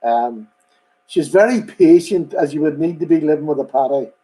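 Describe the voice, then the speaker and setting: A man's voice: fairly high pitch, moderate pace, dark tone, rough recording. A man hosting a casual live stream, rambling chattily and greeting viewers by name. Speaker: host.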